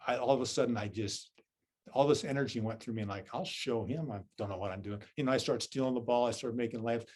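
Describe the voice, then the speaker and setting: A man's voice: medium pitch, darkish tone. A man with a Southern US accent, a Zen teacher giving a dharma talk. He tells a self-deprecating personal story and keeps checking in with listeners with "right?" and "okay?".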